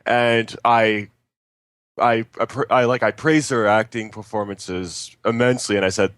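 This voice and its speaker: A man's voice: fairly low pitch, steady tone, unhurried, fairly bright tone, clean tone, no echo. A young man with a Canadian accent, co-hosting a casual podcast and rambling with many fillers. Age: young adult. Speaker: podcast co-host. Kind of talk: casual chat.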